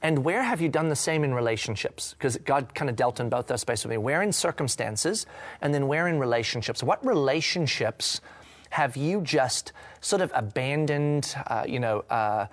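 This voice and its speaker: A man giving a reflective faith talk, earnest and searching, sometimes dropping to a hushed voice. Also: mid-range voice, expressive, normal speed. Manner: earnest, searching, many fillers and restarts, drops to a hushed voice at times. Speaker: speaker sharing a devotional reading.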